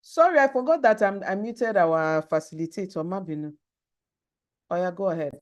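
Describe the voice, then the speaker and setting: A woman's voice: mid-range voice, normal speed. A woman teaching girls in an online class, earnest and emphatic, repeating her key points.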